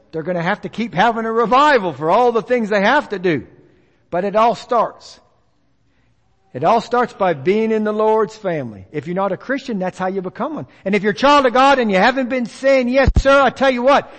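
A preacher with a notably high voice delivers an emphatic sermon. He hammers his points through repetition and call-and-response. The sound rings with the long reverb of a church hall. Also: animated, moderate pace, fairly bright tone.

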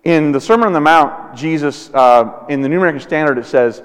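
A man in his thirties preaching a sermon as a pastor, slow and deliberate with dramatic pauses. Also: on the high side, clear, resonant tone. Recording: long reverb of a large hall.

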